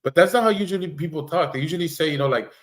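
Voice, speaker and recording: A man's voice: a little high, very fast. A man doing casual livestream commentary, blunt and rambling, swearing freely and restarting his sentences.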